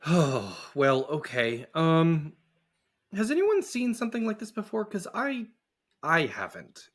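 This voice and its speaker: A man's voice: a little high, very animated, unhurried. A man playing in a tabletop game, playful and a bit hesitant. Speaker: player.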